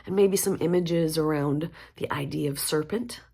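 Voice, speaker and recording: A woman leading a guided mantra practice, speaking gently and encouragingly. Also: low voice, normal speed, vocal fry, slightly rough. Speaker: spiritual teacher.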